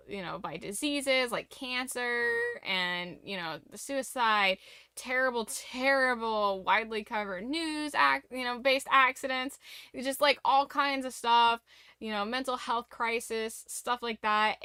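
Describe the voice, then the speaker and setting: A woman's voice: a little high, bright, forceful tone, smooth, no room sound. A young woman streamer in a casual late-night chat, speaking candidly and reflectively about her struggles, rambling with restarts.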